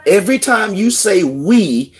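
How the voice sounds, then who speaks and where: A man's voice: sits high, animated, slow pace. A man hosting a live call-in stream, lecturing a caller heatedly and with profanity while talking over her. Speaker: livestream host.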